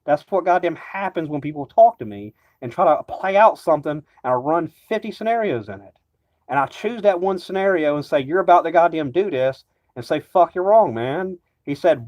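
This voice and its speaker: A man's voice: a little high, lively intonation, fairly quick. A man ranting casually to camera, rambling and agitated, swearing constantly. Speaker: vlogger. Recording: dull lo-fi recording.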